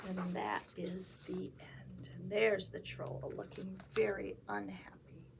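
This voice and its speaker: A woman librarian reading a story aloud at a children's storytime, dramatic and expressive, with hushed asides. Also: medium pitch, takes it slowly, vocal fry, in a whisper.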